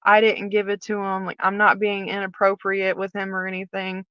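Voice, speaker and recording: A woman's voice: mid-range voice, normal speed, clean tone, no room sound. Woman telling her story with a slightly dull sound. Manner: animated retelling, acting out dialogue. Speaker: guest, former prison officer. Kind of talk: candid personal storytelling.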